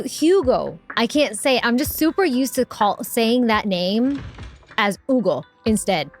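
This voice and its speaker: Young woman streamer, Hispanic accent, slightly high voice, casual chatty commentary. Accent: Hispanic American English. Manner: chatty, giggly, reacts aloud.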